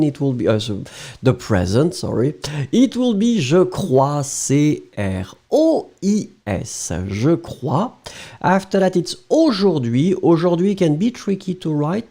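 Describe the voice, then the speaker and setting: Slow, patient French teacher, man. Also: a little high, gravelly, warm tone. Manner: patient, spells words letter by letter, laughs easily. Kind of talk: live-stream language lesson.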